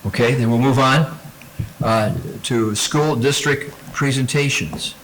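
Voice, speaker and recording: Man chairing a meeting, halting delivery, faint room ambience. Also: mid-range voice, a bit bright, a little hiss or hum, low-quality recording. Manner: informal, with hesitant fillers. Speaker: board president chairing a meeting. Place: school board meeting room.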